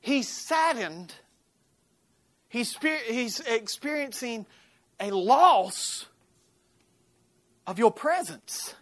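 An American woman delivers a sermon in a storytelling way, her voice sitting a little high. She acts out the people she quotes and swings between loud, animated bursts and hushed moments. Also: very slow, long pauses. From United States. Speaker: preacher.

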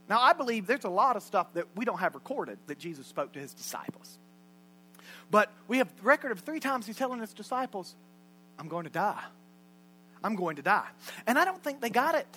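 Preacher guy joking around mid sermon, bright ringing voice, goes loud then quiet. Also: very high voice, very animated, fairly quick, slightly rough, faint music behind. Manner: folksy and joking, shifting between loud and hushed. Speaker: pastor. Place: church sanctuary.

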